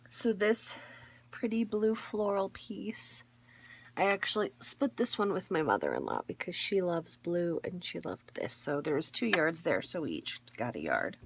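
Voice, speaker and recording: A woman's voice: medium pitch, fairly bright tone, slightly rough. A woman chatting casually as a crafting vlogger, showing a fabric haul in her morning voice, rambling with small laughs and fillers.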